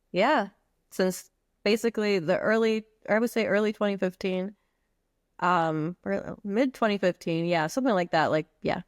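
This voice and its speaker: A woman from the U.S. Virgin Islands, a podcast guest, speaks candidly and from the heart in a personal conversation, using casual slang. Her medium-pitched voice is captured dry and close.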